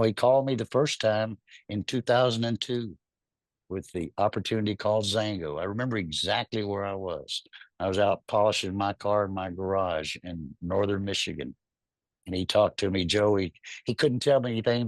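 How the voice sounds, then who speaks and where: A man with a low voice and a Southern accent, talking with big, effusive enthusiasm. He sounds close and dry on his video call mic. He comes across as a business leader rallying his team. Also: normal speed, no room sound. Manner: warm, effusive, exuberant. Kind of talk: enthusiastic webinar remarks.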